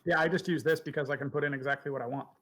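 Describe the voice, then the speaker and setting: A man's voice: a little high, fairly even intonation, rapid-fire, fairly bright tone, a little hiss or hum, poor audio. A man playing a tabletop game over voice chat, explaining things helpfully and joking about himself. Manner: helpful, explanatory, self-deprecating. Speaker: player.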